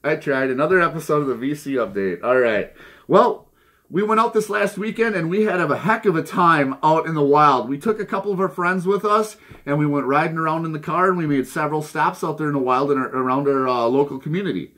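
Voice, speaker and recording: A man hosting a vinyl record channel, telling mock news jokes and chatting about his finds, laughing at his own gags. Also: fairly quick. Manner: goofy, laughs at his own jokes, lively pitch swings. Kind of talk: casual joking news segment and haul chat.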